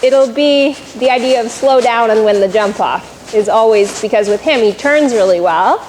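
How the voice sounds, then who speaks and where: High-voiced woman coaching a riding lesson. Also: moderate pace, darkish tone, a little hiss or hum, low-quality recording. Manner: instructive, encouraging, calls out cues. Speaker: riding instructor.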